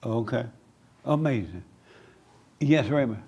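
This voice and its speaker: A man leading a church question-and-answer session, brisk and teasing as he calls on people. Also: medium pitch, expressive, darkish tone, husky. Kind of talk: casual church discussion.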